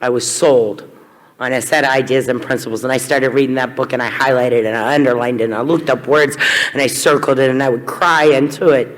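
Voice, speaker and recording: A woman's voice: very deep voice, fairly even intonation, brisk. A woman from Kentucky telling her recovery story to a meeting, candid and wry, with sudden bursts of energy. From Kentucky, USA. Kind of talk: personal recovery story told to an audience. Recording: long hall reverb.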